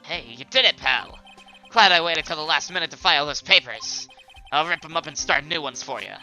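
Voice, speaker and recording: A man's voice: fairly high pitch, expressive, fairly quick, bright, forceful tone, faint music behind. A man doing a folksy Southern detective. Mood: cheerful. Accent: put-on American Southern. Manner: folksy, says "pal" often. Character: gruff, loyal male police detective. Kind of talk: Let's Play voice acting of game text.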